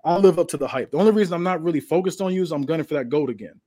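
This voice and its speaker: Man playing a boastful, threatening wrestling champion, firm and slightly high. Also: very fast, dark tone, close to an everyday voice. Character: menacing male wrestling champion.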